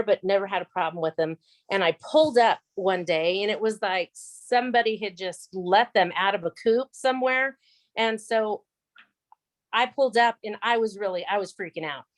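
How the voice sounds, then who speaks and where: Animated woman telling a story on a video call. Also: medium pitch, normal speed. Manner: animated storyteller acting out quotes. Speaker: guest speaker.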